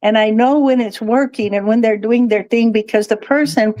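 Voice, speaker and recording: A woman's voice: a little high, fairly even intonation, moderate pace, warm tone, dry recording. A woman guest talking in a chatty, digressive way and laughing often. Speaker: guest, crystal shop owner. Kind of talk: casual interview chat.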